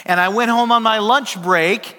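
A middle-aged man, a pastor preaching a sermon and telling a lively story to his congregation. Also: high voice, normal speed. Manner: animated, acts out voices in a story, laughs with the congregation. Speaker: worship pastor. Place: large church hall. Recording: reverberant church hall.

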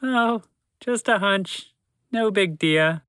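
A man's voice: slow, pushed and bright, smooth, dry recording, studio quality, heavily acted. A man voicing a small, often overlooked male mouse in a children's audio story. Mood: wry. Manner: small, high, a little sheepish.

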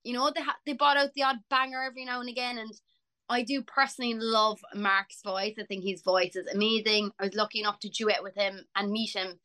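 A young Irish woman, a singer, chatting casually and telling lively stories as an interview guest. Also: fairly high pitch, a little fast, no echo. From Ireland. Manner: chatty, animated storyteller. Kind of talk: casual chat.

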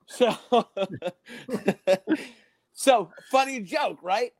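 A man, a former morning radio host, telling a story as a podcast guest in a casual, animated way, swearing freely. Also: very slow, dry recording. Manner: animated, swears freely, big swings in pitch and loudness.

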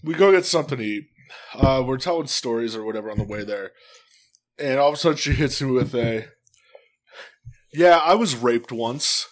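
Young man, casual storyteller, animated, profane, medium pitch. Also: fast. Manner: animated, swears a lot. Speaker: guest.

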